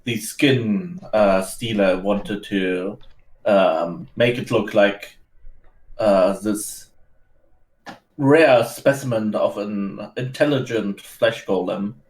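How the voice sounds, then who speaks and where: A man playing in a tabletop role-play, talking in character with hesitant, halting phrasing and frequent restarts. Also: fairly low pitch, steady tone, a little mellow. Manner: hesitant, many fillers and restarts. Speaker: player. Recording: roomy echo.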